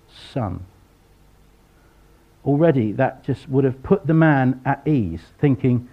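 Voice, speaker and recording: A man delivers a sermon at an unhurried pace, his voice rising and falling a lot as he acts out the people in the story. The recording sounds dull and lo-fi. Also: mid-range voice, lively intonation. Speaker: preacher.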